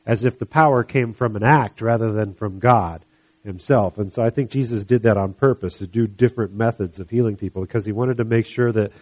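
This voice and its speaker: A man preaching a sermon, retelling a Bible story in an animated way and acting out the voices of the people in it. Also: lowish voice, brisk. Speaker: pastor.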